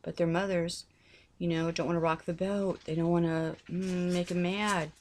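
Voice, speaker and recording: Woman, middle-aged, lowish voice; earnest religious vlogger, pleading, repeats herself. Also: flat delivery, moderate pace. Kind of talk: heartfelt personal talk.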